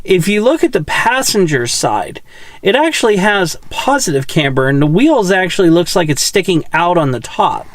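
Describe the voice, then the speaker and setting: A woman's voice: lowish voice, sing-song, normal speed, no echo. A woman hosting her own car channel who talks casually to the camera in a chatty, rambling way full of fillers. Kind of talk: casual vlog talk to camera.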